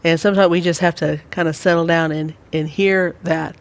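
A man leading a church Bible study, talking gently and rambling with many fillers. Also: fairly high pitch, fairly even intonation, a little fast, vocal fry. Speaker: church teacher.

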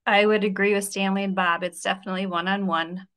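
A woman's voice: mid-range voice, level tone, quick pace, a bit bright, clear, resonant tone. A woman panelist speaking candidly, with self-deprecating asides. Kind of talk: panel discussion.

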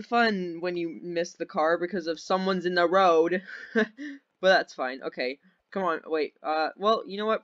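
Young man, gameplay commentary, rambling and excitable, high voice, muffled lo-fi audio. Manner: rambling, giggly, easily excited. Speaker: gaming video host. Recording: dull lo-fi sound.

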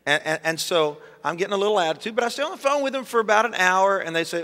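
A middle-aged man with a Southern US accent, a pastor telling a story in a sermon, conversational and animated, leading the congregation in call-and-response. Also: high voice, very fast, hardly any pauses. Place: church sanctuary. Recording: long church reverb.

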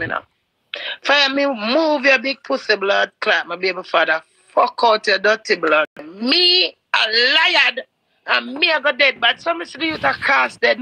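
A Jamaican woman ranting heatedly on a live stream, swearing and swinging from low mutters to shouts. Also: creaky, dry recording, rough recording.

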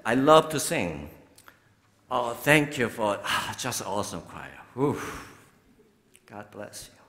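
Older Korean-accented bishop, slow bright delivery, long church reverb. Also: male voice, mid-range voice, sing-song. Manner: warm storytelling, laughing often, slow and deliberate. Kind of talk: sermon. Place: large church sanctuary.

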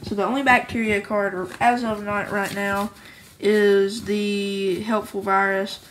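A woman's voice: medium pitch, level tone, slow, slight background noise, low-quality recording. A woman who makes her own card game, casually and cheerfully going through each card, rambling and often restarting her sentences. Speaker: homemade card game creator.

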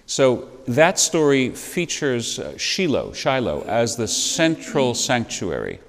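A man leads an adult Bible class in a church, speaking at a middle pitch in a chatty, lecturing way. He drops wry asides with a chuckle and puts questions to the class. His voice carries a long reverb from the church room. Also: huge pitch swings, slow pace.

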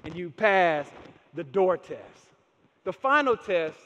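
A man's voice: sits high, sing-song, takes it slowly, a bit bright, muffled recording, slight background noise. A man pastor preaching a sermon in a church, speaking emphatically and repeating key phrases for emphasis. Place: church sanctuary. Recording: long reverb in a large church hall.

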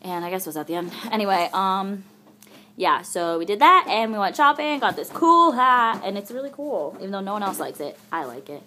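A woman's voice: mid-range voice, very animated, a little fast, pushed and bright, a little hiss or hum. A young woman talking casually to her camera in a daily vlog, chatty and goofy, filling her talk with "like". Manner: chatty and goofy, full of "like" fillers, jokes around. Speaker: vlogger.

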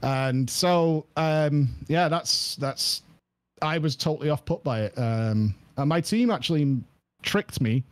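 A man guesting on a podcast, telling a story in an animated, emphatic way and laughing often. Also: a little high, slow. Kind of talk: casual podcast chat.

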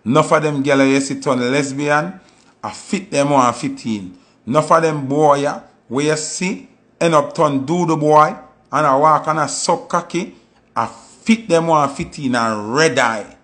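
A man with a Jamaican Patois accent, telling stories in a casual monologue and acting out quoted voices with sudden high jumps. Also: measured pace, fairly bright tone. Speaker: commentator.

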